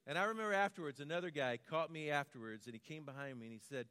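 American guy preaching, kinda high voice, quiet storytelling then rhythmic repeated lines, long echo. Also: very fast, smooth. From United States. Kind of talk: sermon with personal storytelling.

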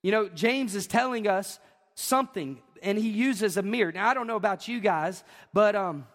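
A man preaching a fervent sermon as pastor, moving between shouted peaks and chatty asides. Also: sits high, moderate pace, long reverb tail. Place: church sanctuary.

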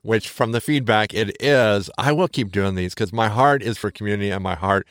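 A man's voice: lowish voice, moderate pace, no room sound, studio quality. A middle-aged man hosting his own podcast, talking casually and candidly in a rambling, self-deprecating way. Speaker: podcast host. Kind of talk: casual solo podcast talk.

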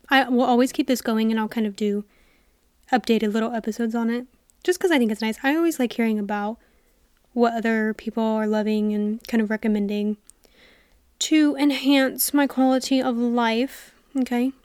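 Young woman podcasting solo, kinda breathless, higher voice, super dry close mic, says like a lot. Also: no room sound. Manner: chatty and excitable, heavy use of "like". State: a bit out of breath. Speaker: podcast host. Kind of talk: casual solo podcast chat. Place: quiet room. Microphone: studio mic with headphones.

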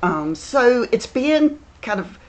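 A woman with a Southern American accent, a stage actor chatting thoughtfully in an interview with frequent pauses. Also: on the high side, big pitch swings, darkish tone. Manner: thoughtful, many ums. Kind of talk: casual interview chat.

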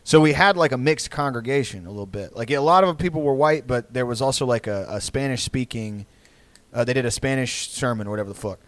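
A man's voice: mid-range voice, fast talker, fairly bright tone, dry recording. Profane, rambling man from Texas. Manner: rambling, profane, with frequent restarts. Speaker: podcast host. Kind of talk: casual comedic storytelling.

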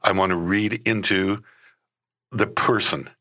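Forceful low-voiced man telling stories. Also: measured pace. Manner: acts out conversations, animated storyteller. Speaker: ministry leader. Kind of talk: interview, conversational storytelling.

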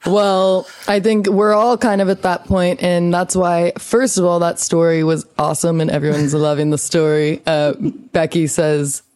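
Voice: mid-range voice, flat delivery, normal speed, few pauses, a little mellow, smooth, no room sound. A livestream host chats in a loose, friendly way about music and the audience. The voice is dry and close, with no room sound around it. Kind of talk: casual chat.

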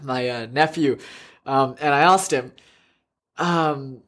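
A man lecturing a class on religion, animated and prone to laughing and correcting himself mid-sentence. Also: medium pitch, slow.

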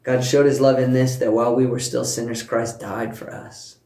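A man's voice: mid-range voice, level tone, moderate pace, mellow. Earnest male pastor in an echoey room. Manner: earnest storytelling, speaking to listeners at home. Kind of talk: sermon.

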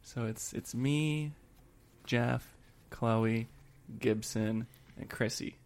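A man's voice: medium pitch, very slow, a little mellow. A young man co-hosting a podcast, telling a story in casual chat and laughing through it. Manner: laughs through his own stories. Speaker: podcast co-host.

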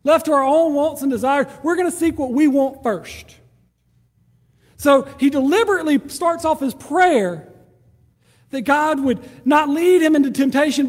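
A man's voice: very high voice, big-room sound. A man preaching a sermon in a conversational way, acting out prayers and quoted voices. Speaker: pastor.

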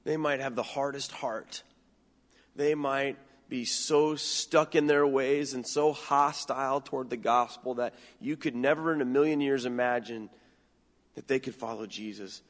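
A man's voice: mid-range voice, steady tone, measured pace. Earnest man preaching in a reverberant hall. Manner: earnest and conversational, often repeating and restarting words. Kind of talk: sermon.

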